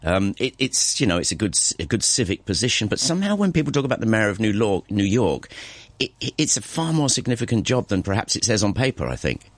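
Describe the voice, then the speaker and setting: A man's voice: lowish voice, sing-song, quick pace, no echo. A man hosting a radio discussion, putting short questions and remarks to his guest. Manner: brief interjections, conversational. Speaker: radio host.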